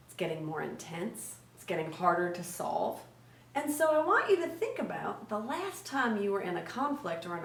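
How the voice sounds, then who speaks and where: Brief woman trainer, lively classroom delivery, quizzes listeners, roomy echo, mic set back. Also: medium pitch, gravelly, a little hiss or hum. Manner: energetic, asks questions, tags "right?". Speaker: conflict resolution trainer. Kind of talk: teaching lesson to children. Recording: echoey room, mic at a distance.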